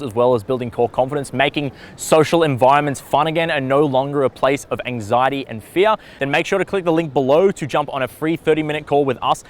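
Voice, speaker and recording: A man talking to the camera as a dating coach, in loose, slangy speech full of "like" and "bro", with the odd swear word. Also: mid-range voice. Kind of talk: casual coaching talk to camera.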